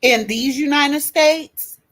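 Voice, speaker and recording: A woman's voice: sits high, slow, fairly bright tone. A woman in her fifties co-hosting a casual discussion, talking bluntly and profanely with a fired-up edge. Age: 50s. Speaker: podcast co-host.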